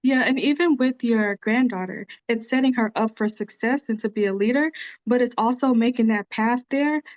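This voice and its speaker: A soft-spoken, even-tempered woman speaking as a guest on a podcast, chatting casually and laughing now and then. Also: fairly high pitch, moderate pace, no echo. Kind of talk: casual conversational interview.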